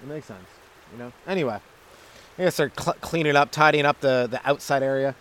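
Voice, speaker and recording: A man's voice: mid-range voice, a little fast, fairly bright tone. A young man hosting a rambling solo comedy podcast, crude and self-deprecating, acting out little voices in his asides. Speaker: stand-up comedian, podcast host. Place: outdoors at a maple syrup camp.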